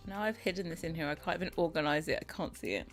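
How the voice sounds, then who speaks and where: A tired, yawning British woman who creates Sims custom content chats casually with her live stream in a low voice at a quick pace. She rambles, giggles and mutters to herself as she works, with faint music behind.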